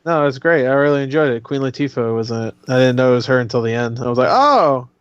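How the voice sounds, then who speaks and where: A man's voice: mid-range voice, fairly even intonation, very fast, clean tone, no room sound, dull audio. A man co-hosting a casual gaming podcast, laughing often and swearing freely. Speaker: podcast co-host.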